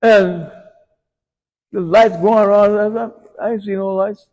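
A male pastor preaching a sermon in a folksy storytelling way, swinging from hushed lines to shouted ones, heard in a church sanctuary. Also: high-pitched, unhurried, pauses often. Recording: long church hall reverb.

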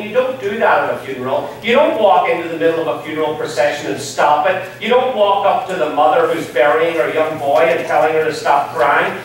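A man, preaching a sermon with emphatic swings between loud rising lines and quiet low asides. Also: distant mic, a little hiss or hum. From Ireland. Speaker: pastor. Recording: echoey hall, speaker off-mic.

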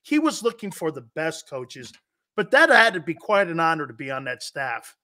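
A man's voice: a little high, sing-song, moderate pace, bright, forceful tone. A man hosting a sports talk show, chatting enthusiastically with a guest and laughing along.

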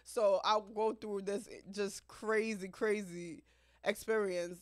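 A woman in her thirties from Africa, hosting a podcast and telling her life story to listeners in an expressive, chatty way, often laughing. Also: medium pitch, slow, no echo, clean studio sound. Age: 30s. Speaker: podcast host. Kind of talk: personal storytelling monologue.

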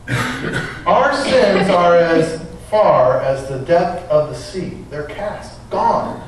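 A man's voice: sits high, animated, takes it slowly, distant mic, slight background noise. Preaching man in an echoey church. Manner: earnest preaching with prayer and scripture reading. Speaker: pastor. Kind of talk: sermon. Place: church sanctuary.

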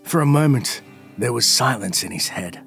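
A man narrating a dark fantasy story in a dramatic, expressive manner. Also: mid-range voice, normal speed, creaky. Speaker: lore narrator. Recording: faint background music.

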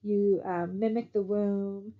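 A woman's voice: medium pitch, steady tone, slow pace, phone-quality sound. A woman instructor giving a recorded slide lecture, talking conversationally and posing rhetorical questions to her students. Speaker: college instructor.

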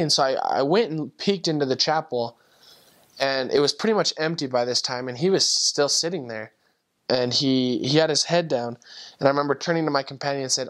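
Young man, returned missionary, mid-pitched, earnest and emotional, halting restarts, personal testimony telling. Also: fairly bright tone.

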